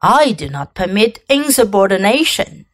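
A woman's voice: medium pitch, very animated, moderate pace, natural voice. A woman reading aloud and voicing a proud, commanding old king who gives orders in a pompous manner. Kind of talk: storybook read-aloud.

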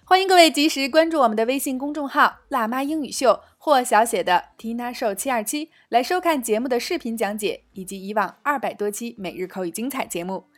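High-voiced woman teaching phrases. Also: lively intonation. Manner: reads dialogues slowly, then explains in Chinese. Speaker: English teacher. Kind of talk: scripted English lesson.

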